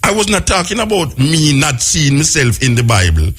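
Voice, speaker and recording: A Jamaican man hosting a call-in radio show, talking with animated, argumentative energy at a raised pitch. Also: normal speed, husky. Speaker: radio talk show host. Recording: radio broadcast.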